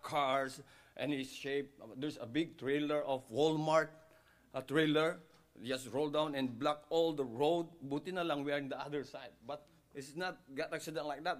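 Male pastor, Filipino accent, mid-pitched voice, emphatic storytelling sermon. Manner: switches between English and Tagalog, emphatic and storytelling; rising loud on key phrases, dropping quiet when moved.

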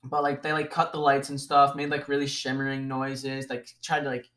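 A man's voice: mid-range voice, monotone, fairly bright tone. A man in an easygoing podcast conversation who talks in stops and starts. He leans heavily on fillers while he searches for what to say next. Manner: hesitant, halting, full of "like" fillers. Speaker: podcast co-host. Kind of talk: casual chat.

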